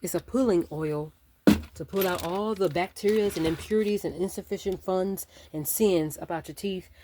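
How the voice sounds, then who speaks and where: Chatty low-voiced woman vlogging at home. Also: steady tone, normal speed, noisy background. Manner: chatty, rambling, talks to viewers directly. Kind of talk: casual chat to camera.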